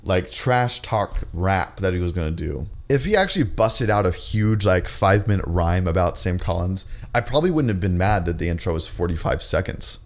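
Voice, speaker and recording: A man giving reaction commentary in a dry, sarcastic, measured way. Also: low voice, animated. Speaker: commentary YouTuber.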